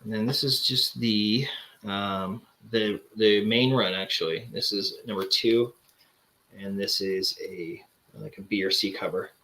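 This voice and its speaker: A man's voice: lowish voice, fairly even intonation, measured pace, sharp tone. A man hosting a casual chat, showing off comic books and rambling with lots of fillers and restarts. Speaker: comic collector host.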